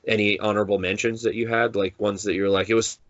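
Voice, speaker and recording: A man's voice: lowish voice, level tone, fast talker, a bit bright, dry recording, lo-fi sound. A man co-hosting a podcast in casual chat, rambling with many restarts and acting out quotes. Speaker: podcast co-host.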